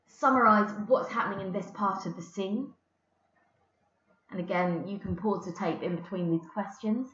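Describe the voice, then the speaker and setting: A woman's voice: mid-range voice, normal speed, a bit bright. English teacher lady walking through a play, patient, some ums, echoey dull audio. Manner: explanatory, patient, with fillers. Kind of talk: recorded remote lesson. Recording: roomy, dull lo-fi recording.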